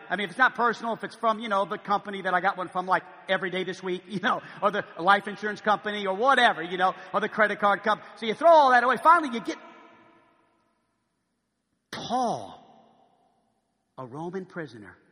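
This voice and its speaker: A man preaching a sermon as pastor, animated, swinging from loud calls to a hushed near-whisper. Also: high-pitched. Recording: long reverb in a large hall.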